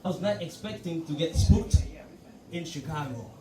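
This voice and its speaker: A male stand-up comedian telling a story on a club stage, animated and full of asides. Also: fairly high pitch, moderate pace, background noise. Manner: storytelling, animated, frequent asides like "you know". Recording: echoey club from a distant mic.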